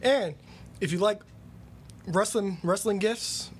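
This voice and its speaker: A man's voice: high-pitched, slow pace, slight background noise. A man from Maine co-hosting a wrestling podcast, joking around and reading sponsor spots. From Maine, USA. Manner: lively, joking. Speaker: podcast co-host. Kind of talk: casual podcast chat and ad reads.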